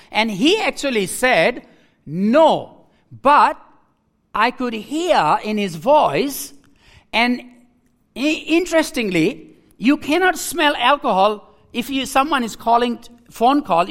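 A man preaching a personal testimony, emotional and halting, repeating his phrases and restarting as he speaks. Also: very high-pitched, fairly bright tone.

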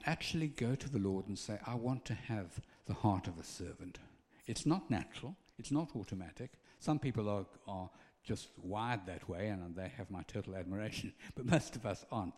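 A man's voice: lowish voice, darkish tone, big-room sound. A man preaching a conversational sermon and acting out little scenes.

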